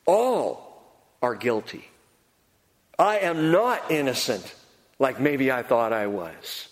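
A man preaching a sermon, earnest and emphatic, swinging between quiet and loud. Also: medium pitch, very animated, slow. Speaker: pastor. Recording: long hall reverb.

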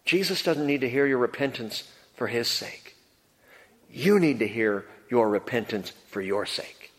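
A man preaching a sermon, earnest and emphatic, swinging between quiet and loud. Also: mid-range voice, animated, unhurried. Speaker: pastor. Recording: long hall reverb.

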